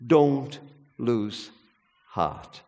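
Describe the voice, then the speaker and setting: A man's voice: mid-range voice, expressive, very slow, warm tone, lo-fi sound. A man giving a sermon as a guest preacher, telling a story expressively and with emphasis. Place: ballroom at a church service. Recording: long reverb of a large hall.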